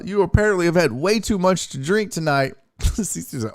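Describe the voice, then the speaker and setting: A male podcast host telling a profane story in a casual, animated way, swinging from low mutters to loud outbursts. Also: normal speed. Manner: animated, swings between muttering and near-shouting.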